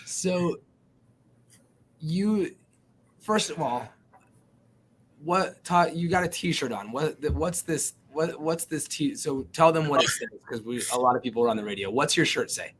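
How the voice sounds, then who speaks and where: A man co-hosting an interview, asking questions in a halting way with repeated words. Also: fairly high pitch, expressive, fairly bright tone, slight background noise. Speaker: co-host.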